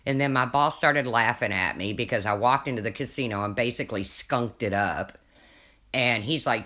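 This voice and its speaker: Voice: mid-range voice, moderate pace, bright, forceful tone. A livestreamer in casual chat, telling a rambling story and answering viewers' comments, often restarting sentences and laughing along.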